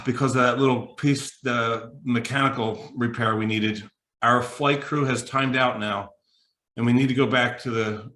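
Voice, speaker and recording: A man tells a story with lively energy, and his voice rings bright and forceful. He leaps into high, shouted voices when he quotes other people. The sound is roomy, with a clear echo off the walls. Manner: animated, acts out dialogue with big pitch jumps. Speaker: mental toughness coach. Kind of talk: storytelling in a podcast interview.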